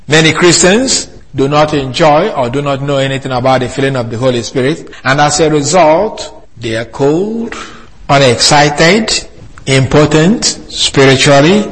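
Higher-voiced man preaching deliberately. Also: low-quality recording. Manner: measured, deliberate teaching with slow emphatic quotes. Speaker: pastor. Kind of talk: expository sermon.

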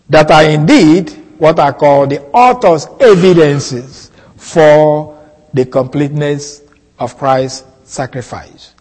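A man teaching a Bible passage in a sermon, slow and deliberate, repeating key words for emphasis. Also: a little high, long reverb tail, low-quality recording. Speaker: preacher.

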